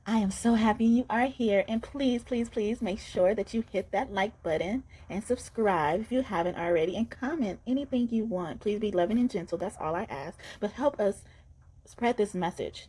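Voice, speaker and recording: A woman with a notably low, deep voice gives a casual tarot reading straight to camera. She talks earnestly and affectionately, rambling and often repeating her words. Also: mellow, slight background noise. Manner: affectionate, addressing the viewer directly. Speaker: tarot reader.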